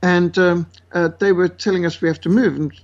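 A guest in an interview, this South African man, a missionary author, narrates indignantly, voicing the people in his stories and leaning on many fillers. He has a high voice with a steady tone and talks fairly quickly. The recording lacks its highs.

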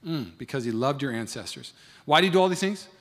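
A man's voice: mid-range voice, expressive, fast, a bit bright. A man in his thirties preaching a sermon, telling a marriage story and acting out both sides of it. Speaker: pastor. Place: large church hall. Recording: long hall reverb.

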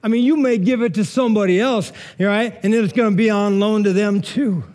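A man's voice: high voice, fairly quick, a little mellow. A man preaching a sermon in a casual, conversational way, full of asides and rhetorical questions. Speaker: pastor.

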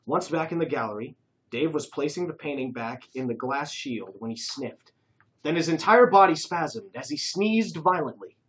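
A narrator reading a comic caper story aloud, expressive and lively. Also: mid-range voice, normal speed, breathy edge, poor audio.

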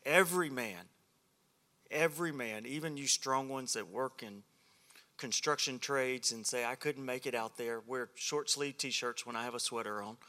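A man's voice: mid-range voice, pushed and bright. A man preaching a humorous sermon at a men's ministry, a self-deprecating and joking storyteller.

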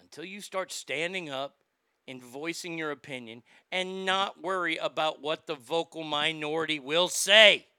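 A man's voice: a little high, measured pace, pushed and bright, clean tone, no room sound. A man ranting in a sarcastic, indignant, profane commentary, recorded on a close mic. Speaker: social media commentator.

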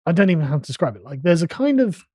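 A man's voice: on the high side, sing-song, rapid-fire, darkish tone, no room sound. A man hosting a podcast discussion, reading out an article and mocking it with sardonic asides. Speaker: podcast host. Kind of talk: casual discussion.

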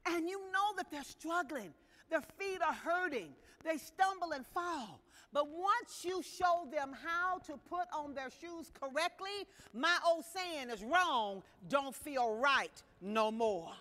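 A woman's voice: very high voice, expressive, takes it slowly, pushed and bright. A woman preacher delivering a sermon to a congregation with emphatic, questioning delivery. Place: church sanctuary. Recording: long reverb of a large hall.

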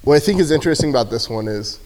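A man preaches to a youth group in a casual, joking way, now and then acting out a shouted line for effect. His voice sits at a mid pitch and carries a long reverb from the church hall. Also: animated, rapid-fire, background noise. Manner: casual, jokey, acts out shouted quotes. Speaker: youth speaker. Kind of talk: youth sermon. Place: church sanctuary. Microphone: handheld microphone.

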